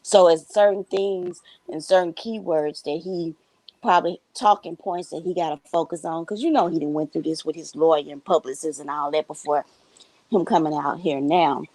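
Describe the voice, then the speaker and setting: A woman's voice: low voice, normal speed, mellow, dry recording, rough recording. A woman co-hosting a casual commentary show, giving blunt, profane opinions.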